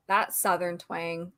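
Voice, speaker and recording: A woman's voice: on the low side, a bit bright, no room sound, studio quality. A woman co-hosting a casual podcast, playful and gushing. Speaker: co-host.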